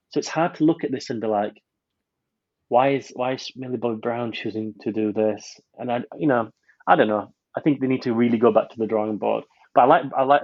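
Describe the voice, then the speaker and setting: A man's voice: mid-range voice, lo-fi sound. A man reviewing a film on a podcast in casual chat, rambling with many restarts.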